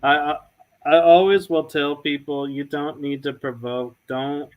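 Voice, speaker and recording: Slow-talking man from the US telling stories. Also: on the high side, muffled recording. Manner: animated anecdote-telling, acting out quoted dialogue with repeated "I was like". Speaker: paranormal investigator, podcast co-host. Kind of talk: casual storytelling in a podcast chat.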